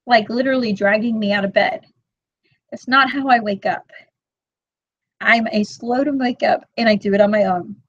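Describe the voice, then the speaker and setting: A woman in her thirties chatting casually to her live-stream viewers, animated and quick to act out her own side of a story. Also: fairly high pitch, dry recording, dull audio. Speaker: vlog host reading live chat.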